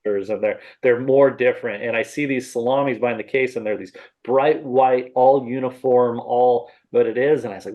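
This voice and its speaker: A man's voice: medium pitch, brisk, muffled recording. A middle-aged man, a podcast guest, telling his story in a casual interview, often laughing and acting out what he said back then. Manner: animated storyteller who acts out his own remarks, laughs often. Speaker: podcast guest, salami maker.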